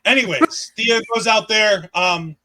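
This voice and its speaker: A man co-hosting a casual wrestling recap, talking in an animated way with jokes, swearing and quick asides. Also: high voice, low-quality recording. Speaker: podcast co-host.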